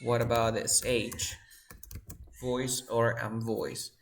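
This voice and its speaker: Male teacher, unhurried, drills sounds over and over. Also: medium pitch, flat delivery, gravelly, heavy background noise. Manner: slow, repeats sounds and words, asks the class questions. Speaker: English teacher. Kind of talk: pronunciation lesson.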